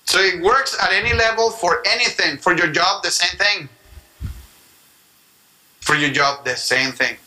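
A man's voice: sits high, measured pace, pauses often, low-quality recording. A man preaching a sermon, acting out prayers and mimicking people as he teaches. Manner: animated preaching with acted-out prayer voices and tongues. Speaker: pastor.

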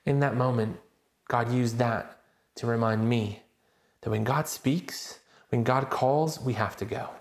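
A man preaching from the front of a church, his mid-pitched voice carrying around a roomy hall. He tells his story with animated, self-deprecating energy and leans into the lively moments. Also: unhurried. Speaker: pastor. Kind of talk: sermon with personal story.

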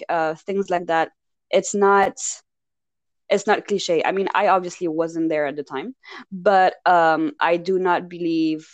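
A woman's voice: sits low, a little mellow, no echo. A woman co-hosting a podcast, chatting casually and rambling about a film with lots of fillers and asides. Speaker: podcast co-host. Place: lived in Paris.

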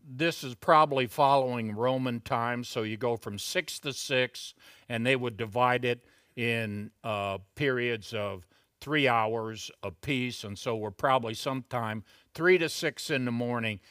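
Slow, bright-voiced middle-aged preacher. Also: male voice, dry recording, studio quality. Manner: slow, deliberate delivery with sudden loud, high emphatic bursts; conversational asides and chuckles. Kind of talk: expository sermon.

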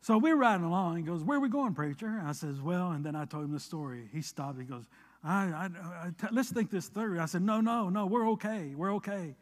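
A high-pitched male pastor preaches briskly, building with rising emphasis before easing into relaxed storytelling with quoted back-and-forth dialogue. The sermon includes a personal story, and church hall reverb fills the recording.

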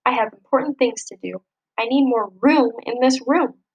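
A woman's voice: on the high side, moderate pace, breathy edge, lo-fi sound. A woman reading aloud, voicing a young schoolgirl who talks in an earnest, stubborn way.

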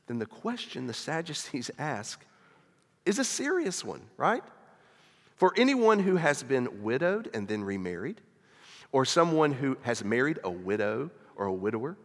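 Man, pastor, conversational sermon, rhetorical questions, expressive pitch, echoing church hall. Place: church sanctuary. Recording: long reverb of a church hall.

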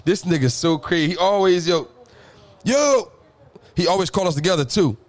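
A man telling stories in a casual chat, animated, with loud high bursts and low mutters, laughing often. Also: normal speed. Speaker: podcast co-host.

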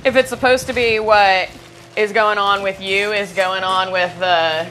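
A woman co-host in casual movie talk. Her voice is bright and mid-pitched, and she drops lower to act out characters as a joke. Faint noise sits in the background. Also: steady tone, measured pace, poor audio. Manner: jokey, acts out characters in deeper voices. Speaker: podcast co-host. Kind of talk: casual chat about a movie.

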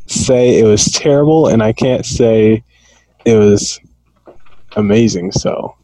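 A man's voice: medium pitch, slow pace, creaky, mellow, dry recording, poor audio. A man speaking as a podcast guest, hesitant at first and then teasing drily. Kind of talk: casual podcast chat.

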